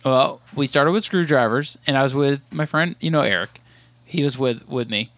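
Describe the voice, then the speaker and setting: A man's voice: medium pitch, normal speed, fairly bright tone, no echo. A man in his thirties, a podcast co-host telling a long rambling story in casual chat, with many restarts.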